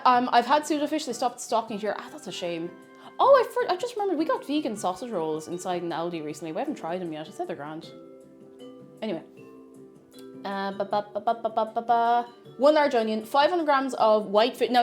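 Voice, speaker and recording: Irish woman, casual cooking streamer, self-mocking chatter, mid pitch with a bouncy lilt. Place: home kitchen.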